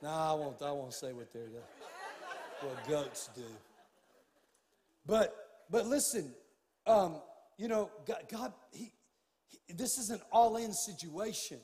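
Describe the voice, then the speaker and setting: High-voiced pastor preaching in a reverberant hall. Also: male voice, expressive, slow, pauses often, warm tone. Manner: preaching with rising fervor, casual folksy asides. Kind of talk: sermon. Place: large church sanctuary.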